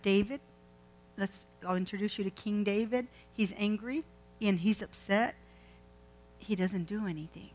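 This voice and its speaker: A woman's voice: mid-range voice, rough recording. Woman preaching a conversational sermon. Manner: conversational, asks the congregation questions.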